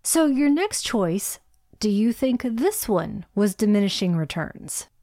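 A woman co-hosting a casual film podcast, chatty and opinionated, quick with a joke. Her voice sits in a middle pitch. The sound is dry and close, with no room echo. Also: sing-song, mellow. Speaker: podcast co-host. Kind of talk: casual film review chat.

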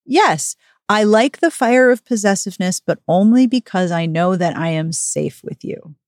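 A woman with a mid-range, somewhat dark voice reads the part of an earnest, possessive male lover with lively intonation at a normal speed. The studio-quality recording is dry, with no room sound, and her voice is close to an everyday one.

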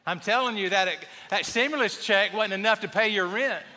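A male pastor preaching in a church, chatty and humorous as he tells stories. His voice sits high and bright. A long hall reverb trails behind each phrase. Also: brisk, slight background noise. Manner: conversational storytelling with humor. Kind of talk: sermon. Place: church sanctuary.

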